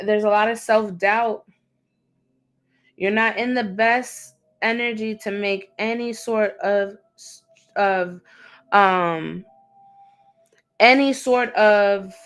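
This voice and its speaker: A woman with a mid-range voice hosts a tarot reading livestream. She speaks bluntly and casually, full of slang, and repeats phrases to drive points home.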